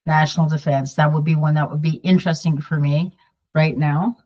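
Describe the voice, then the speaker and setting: Low-pitched and darkish, with a level tone and a slightly fast pace, an older woman from Canada talks casually to camera. She's a political vlogger who drifts into side points and repeats herself, recorded with dull lo-fi sound.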